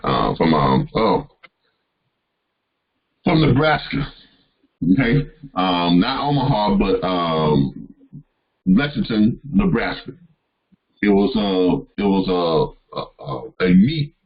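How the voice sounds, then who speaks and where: A man's voice: low voice, breathy edge, lo-fi sound. A man hosting a live question-and-answer call, giving casual advice in a rambling way with many fillers and restarts. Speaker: host answering caller questions.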